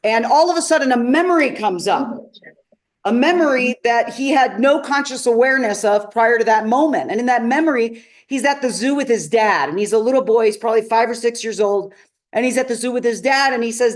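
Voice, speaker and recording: High-voiced woman coaching a seminar audience. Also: fairly quick. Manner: emphatic, asks the audience questions. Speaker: transformational coach. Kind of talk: live seminar teaching.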